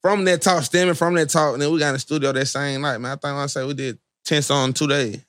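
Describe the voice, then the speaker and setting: A man's voice: fairly high pitch, steady tone, quick pace, a bit bright, no room sound. A man with an Atlanta accent, a guest rapper telling laid-back, slangy stories in a podcast studio. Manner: laid-back, slangy, repeats "you feel me". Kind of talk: casual storytelling. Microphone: studio mic.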